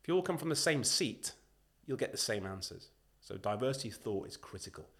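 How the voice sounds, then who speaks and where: A man speaking as a podcast guest, with a voice at an ordinary middle pitch for a man. He talks in an emphatic, animated way and slips into little acted-out voices for other people. His delivery is conversational and driven. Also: brisk. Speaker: podcast guest, leadership consultant.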